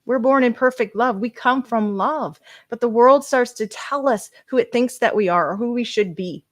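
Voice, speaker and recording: A woman motivational speaker gives a deeply personal testimony from a conference stage. Her mid-pitched voice sounds dry and close. She moves between soft, hushed passages and loud, impassioned ones. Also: no room sound. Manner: dramatic, swings from hushed whispers to raised voice. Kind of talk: emotional personal testimony speech.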